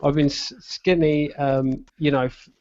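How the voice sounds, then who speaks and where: A man with a Buckinghamshire accent, chatting on a gaming stream and swearing freely as he spins jokey stories. His voice sits a little high for a man, and the stream audio is slightly muffled. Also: little pitch movement, unhurried, darkish tone. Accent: Buckinghamshire English. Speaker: stream co-host. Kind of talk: casual chat.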